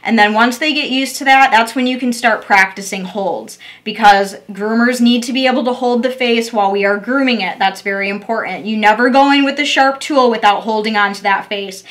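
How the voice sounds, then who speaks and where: A woman's voice: fairly high pitch, fairly bright tone. A young woman, a dog groomer, giving a patient step-by-step demo on handling a puppy. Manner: patient, repetitive coaching tone. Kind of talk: instructional demo.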